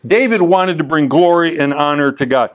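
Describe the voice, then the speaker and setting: Man, Bible teacher, conversational, animated storyteller, somewhat high-pitched. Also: moderate pace. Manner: animated storytelling, frequent restarts and asides.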